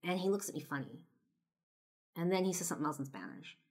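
A woman's voice: on the low side, lively intonation, fast, a little mellow, slightly rough. A woman in her twenties telling a personal story in a casual, chatty way, with lots of fillers and some swearing. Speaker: podcast and video host.

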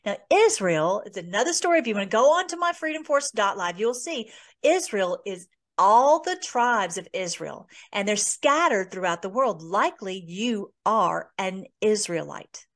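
A woman hosts an informal Bible teaching at a middle pitch. She reads scripture aloud, then talks it through earnestly and casually, stopping now and then to search for words. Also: animated, moderate pace. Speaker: host.

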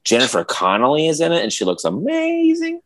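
A man's voice: fairly high pitch, wildly swooping pitch, fairly quick. A man in casual podcast chat, rambling with many restarts as he tells a story, acting out quotes and sound effects. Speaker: podcast co-host.

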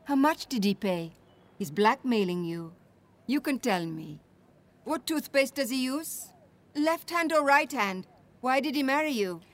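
An actress playing a sharp-tongued, worldly friend who talks in a dry, teasing, brisk way. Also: female voice, sits high, expressive. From India.

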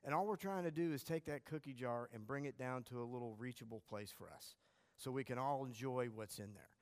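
A man's voice: mid-range voice, brisk. A man teaching a church class, telling anecdotes in a self-deprecating, conversational way. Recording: long hall reverb.

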